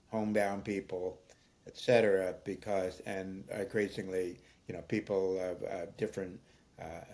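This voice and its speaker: An older man speaking as an interview guest, telling stories in a thoughtful, halting way with many fillers. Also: lowish voice. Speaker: guest, founder of an aging nonprofit. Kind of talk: conversational storytelling interview.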